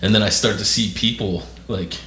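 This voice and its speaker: A man's voice: fairly low pitch, steady tone, fairly quick, sharp tone. Rambling foul-mouthed man telling a story. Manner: profane, rambling, says "right?" often. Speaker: podcast host. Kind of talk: casual storytelling. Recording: echoey room with faint noise.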